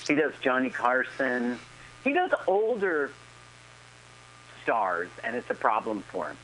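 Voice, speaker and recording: A man's voice: mid-range voice, wildly swooping pitch, measured pace, fairly bright tone, a little hiss or hum, poor audio. A man co-hosting a comedy podcast, bantering playfully about a film he watches. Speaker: podcast co-host. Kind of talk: comedic riffing over a movie.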